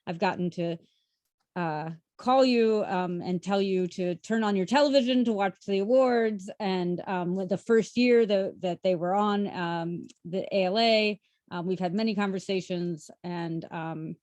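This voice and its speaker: A woman's voice: mid-range voice, a little mellow, no room sound. Woman on a video call, choked up, lots of ums, dry sound. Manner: halting, tearful, many fillers. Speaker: award presenter, synagogue librarian. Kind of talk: emotional online event remarks.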